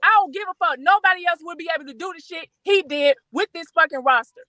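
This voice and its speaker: Fired-up high-voiced woman ranting. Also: fast talker, bright, forceful tone, no room sound. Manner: profane, fired-up, blunt. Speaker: panelist. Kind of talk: heated fan podcast rant.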